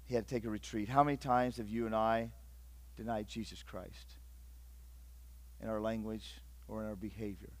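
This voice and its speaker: A middle-aged man from Northeast Ohio preaching a sermon, swinging between loud urgent bursts and hushed, intimate passages. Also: fairly low pitch, steady tone, normal speed, pauses often. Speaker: pastor.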